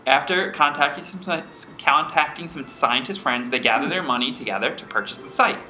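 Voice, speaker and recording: A man co-hosting a podcast, trading crude deadpan jokes and reading a backstory aloud in casual chat. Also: a little high, brisk, echoey room, rough recording. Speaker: podcast co-host.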